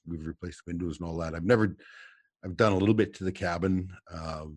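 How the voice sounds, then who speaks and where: A man's voice: low voice, darkish tone, no room sound. A man, a trapper guest on a podcast, telling rambling stories from his office and chuckling often. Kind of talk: casual podcast chat.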